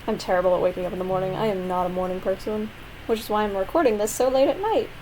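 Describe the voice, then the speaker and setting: A woman's voice: mid-range voice, fast talker, a little mellow, low-quality recording. A young woman chatting through a game playthrough in a loose, rambling way, full of asides at her own expense. Her voice sits mid-range with a faint hum of background noise behind it. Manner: rambling, self-deprecating asides. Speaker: gaming video creator. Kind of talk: casual let's-play commentary. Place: home, late at night.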